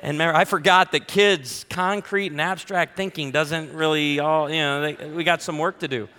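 Pastor guy preaching, kinda high voice, gets loud acting out his stories. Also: moderate pace, big-room sound. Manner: animated, bursts into loud acted quotes. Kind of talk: sermon with humorous family stories.

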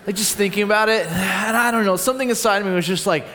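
A man from Southern California preaching a storytelling sermon, acting out voices and swinging from loud to quiet. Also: high voice, fast talker, big-room sound.

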